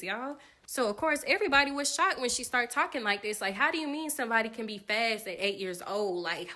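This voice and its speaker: A woman hosting a commentary channel who recaps online drama in a chatty, casual voice. Her tone is bright and sits at a middle pitch, and she talks straight to her viewers. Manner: chatty, addresses viewers as y'all.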